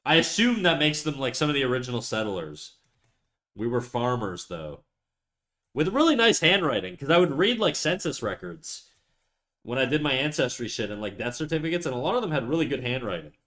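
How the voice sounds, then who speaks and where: Bright-voiced French-Canadian man, rambling. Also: mid-range voice, big pitch swings, brisk. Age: 20s. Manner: rambling, swears freely, switches between English and French. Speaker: livestreaming artist. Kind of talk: casual livestream chat while drawing.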